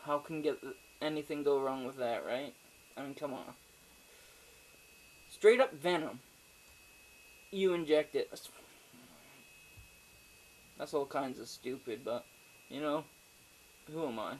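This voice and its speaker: Slow, rambling male movie reviewer. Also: mid-range voice, slight background noise, rough recording. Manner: rambling, profane, with frequent fillers and digressions. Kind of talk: casual spoken movie review.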